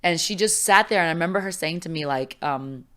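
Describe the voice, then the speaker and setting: A woman's voice: fairly low pitch, brisk, smooth. A middle-aged woman talking casually as an interview guest, telling a personal story with lots of fillers and acted-out voices. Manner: animated, acts out quoted voices, many fillers. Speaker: podcast guest.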